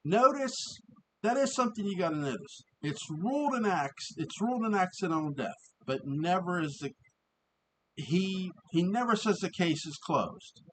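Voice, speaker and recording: A man giving a casual, rambling review of an old TV episode. He often restarts, fills pauses and laughs as he talks. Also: high-pitched, a little hiss or hum, low-quality recording.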